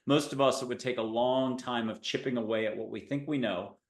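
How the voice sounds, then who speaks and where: A man's voice: medium pitch, fairly quick. An enthusiastic man hosts a spiritual chat show, rambling freely with playful wordplay. His voice sits in a middle range, and the room around him has a noticeable echo. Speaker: host. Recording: roomy echo.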